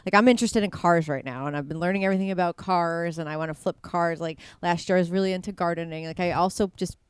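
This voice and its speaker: Woman, podcast guest, low pitch, smooth clear tone, candid rambling chat. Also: fast, dry recording. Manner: candid, rambling, filler-heavy. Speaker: comedian and physical therapist, podcast guest. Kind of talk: casual interview chat.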